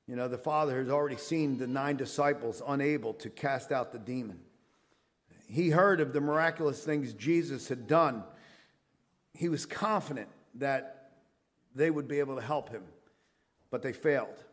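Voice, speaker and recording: A man's voice: medium pitch, moderate pace. Earnest man preaching a sermon. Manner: earnest preaching with frequent fillers and restarts. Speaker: pastor.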